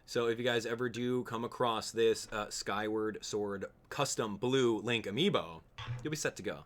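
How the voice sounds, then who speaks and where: A young gaming streamer with a fairly low-pitched voice chats casually during a live gameplay stream, joking with viewers and laughing often. He speaks at a moderate pace.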